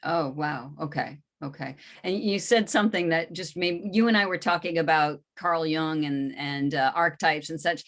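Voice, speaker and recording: Low-pitched woman interviewer. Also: moderate pace, hardly any pauses, fairly bright tone. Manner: brief listening responses and open questions. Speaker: podcast host.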